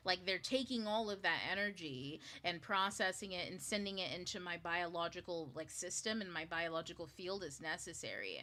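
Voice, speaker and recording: A woman's voice: on the low side, sharp tone. A woman hosting a book club, explaining spiritual ideas in a loose, chatty way, full of fillers and the odd swear word. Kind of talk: casual spiritual teaching talk.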